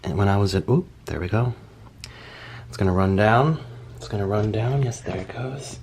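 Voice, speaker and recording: A man hosting a chatty eating vlog at home, talking in a theatrical sing-song way that swings from loud bursts to mumbles. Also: on the low side, normal speed. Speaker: mukbang host.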